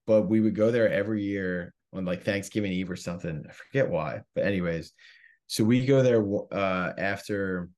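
Deep-voiced young man from South Jersey. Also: normal speed. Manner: swearing freely, animated storytelling. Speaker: comedian guest. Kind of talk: casual storytelling chat.

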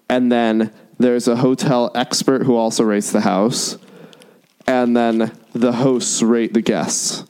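A man's voice: medium pitch, a little mellow, clean tone, low-quality recording. A man co-hosting a podcast, enthusiastically explaining a TV show step by step in casual chat. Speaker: podcast co-host.

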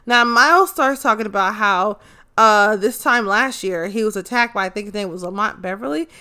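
Young woman host, bright tense tone, quick profane wrestling recap with lots of "uh"s. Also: medium pitch, smooth. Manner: excitable, swears freely, loses track of names. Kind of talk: casual recap of a wrestling show.

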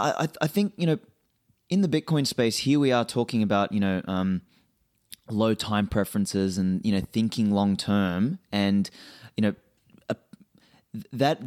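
A man with a low voice speaks as a podcast guest, blunt and unfiltered and swearing freely. He talks in a loose, animated way full of fillers and asides, pitching up when he gets going. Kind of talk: casual interview.

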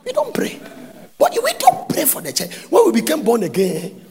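A man with a Ghanaian accent preaching a sermon as pastor, breaking into sudden shouts and sung phrases. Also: extremely high pitch, wildly swooping pitch, fairly quick. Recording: long hall reverb.

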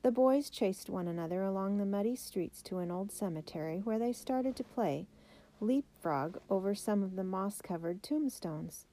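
A woman reading a children's biography aloud in a measured, steady way. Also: medium pitch. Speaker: narrator.

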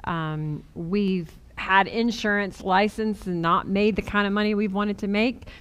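Smooth-voiced, earnest woman podcaster. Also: mid-range voice, fairly even intonation, unhurried, fairly bright tone. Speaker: podcast co-host. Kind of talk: casual podcast chat.

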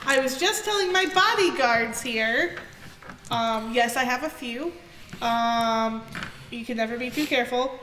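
A woman's voice: on the high side, a little slow, a bit bright. A woman voicing an impulsive young noblewoman itching for a fight, in a noisy, echoey room. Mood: breezy. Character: brash young noblewoman eager to brawl.

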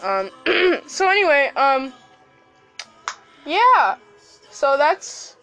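A teenage girl hosting a casual podcast, her voice bright and a little high. She swears freely and bursts into laughs as she talks. Soft music plays underneath. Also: big pitch swings, very slow. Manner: loud, laughing, swears often. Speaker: podcast host. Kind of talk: casual chat.

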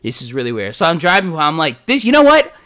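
A man's voice: fairly high pitch, huge pitch swings, fast talker, pushed and bright. A man co-hosting a podcast, telling a story in a casual, profane way and acting out his own reactions. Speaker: podcast co-host.

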